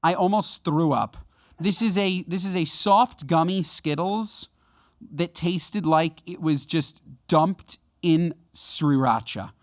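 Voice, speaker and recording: A man's voice: a little high, slow, no echo, clean studio sound. A man co-hosting a casual comedy podcast, ranting in mock outrage about small gripes. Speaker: podcast co-host.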